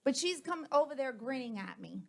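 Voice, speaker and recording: A woman's voice: high-pitched, animated, fairly quick, vocal fry. A woman, speaking at a board meeting. She argues in a heated, confrontational way, hammering the same points again and again into a table microphone. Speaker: school board member. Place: public board meeting room.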